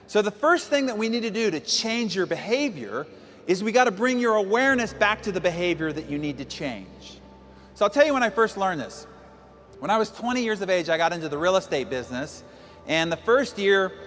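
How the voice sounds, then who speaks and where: High-voiced emphatic male motivational speaker. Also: fairly bright tone. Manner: emphatic, storytelling with acted quotes. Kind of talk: motivational speech. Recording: long hall reverb with faint music.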